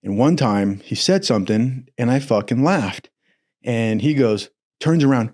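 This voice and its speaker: A man telling a comic story in a casual, profane, animated way. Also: medium pitch, a little slow.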